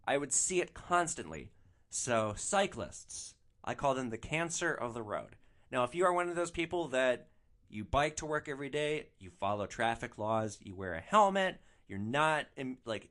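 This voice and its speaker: A young man hosting a solo podcast, telling stories in an animated, ranting way and swearing freely. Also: mid-range voice. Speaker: podcast host.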